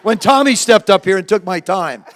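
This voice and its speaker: A man around seventy, from New Jersey, telling lively, self-mocking stories to a live audience as a former quarterback and guest speaker. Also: high-pitched, normal speed. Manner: lively anecdotes with self-mocking humor, frequent restarts. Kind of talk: storytelling talk to a live audience.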